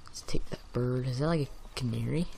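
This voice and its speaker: A man commentates on a video game in a joking, playful way and talks back to what he sees on screen. His voice sits at an ordinary middle pitch. A faint hiss runs behind him. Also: brisk, gravelly, dark tone. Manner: playful, jokey, talking to the game. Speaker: gaming host. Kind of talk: gameplay commentary.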